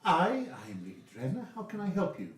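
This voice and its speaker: A man's voice: high voice, huge pitch swings, brisk, pitched above the performer's own voice. A man voicing a genteel, motherly lady innkeeper who fusses over her guests and calls them dears, heard in an echoey room from a distant mic. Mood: firm. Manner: sweet, fussing, calls people dears.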